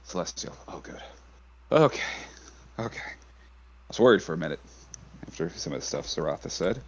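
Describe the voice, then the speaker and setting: A man's voice: low voice, lively intonation, normal speed, dull audio. A man talking casually as a player in a tabletop game session, thinking aloud as he goes. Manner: chatty, thinking aloud with restarts. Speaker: player character.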